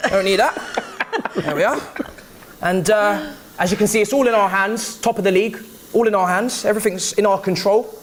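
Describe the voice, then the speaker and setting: A man's voice: high voice, moderate pace, noisy background. A man teasing a rival fan in casual banter, chuckling between his phrases. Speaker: pundit.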